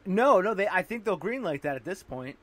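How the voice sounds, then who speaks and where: Podcast host joking along. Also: male voice, sits high, big pitch swings, fairly quick, crowd noise. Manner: jokey, laughing banter. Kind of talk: casual podcast interview.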